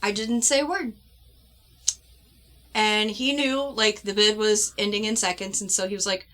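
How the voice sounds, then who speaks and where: Woman vlogger, mid-pitched, earnest, heartfelt personal storytelling, halting restarts. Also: steady tone, pushed and bright. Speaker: doll collector vlogger.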